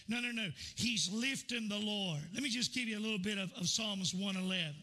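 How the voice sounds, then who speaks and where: A man's voice: high voice, a little fast, few pauses, sharp tone. A man preaching a sermon in a church, telling folksy stories full of fillers and repeats. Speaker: pastor.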